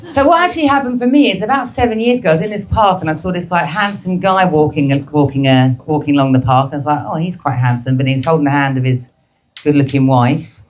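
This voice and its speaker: A woman's voice: low-pitched, a little mellow. A woman performing a brash, crude stand-up comedy set, teasing the crowd at a live show.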